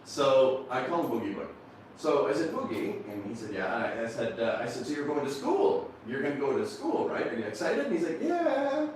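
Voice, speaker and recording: A middle-aged man giving a motivational seminar talk to a live audience, telling a story and slowing down to stress his key lines while calling out to the crowd. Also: mid-range voice, big pitch swings, a little hiss or hum. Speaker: motivational speaker. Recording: very echoey room, voice picked up from a distance, faint background ambience.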